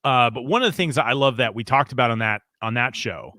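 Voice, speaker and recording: A man's voice: mid-range voice, quick pace, pushed and bright, dry recording, studio quality. A man co-hosting a podcast in casual chat, talking with enthusiasm and emphasis and often restarting his sentences. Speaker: podcast co-host.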